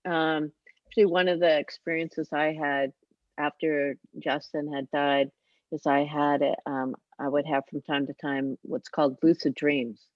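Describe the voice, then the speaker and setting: A woman's voice: low-pitched, flat delivery, no room sound. Older woman, reflective, dull lo-fi sound. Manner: reflective, halting with pauses and fillers. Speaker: guest. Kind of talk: casual interview talk. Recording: dull, dry lo-fi remote audio.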